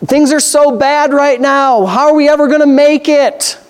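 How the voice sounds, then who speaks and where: A preacher doing a whiny, exasperated male churchgoer, griping in a high, strained voice. The complaints come out loud and pushed as he acts out the grumbler within a sermon. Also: fairly even intonation, moderate pace. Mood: despairing.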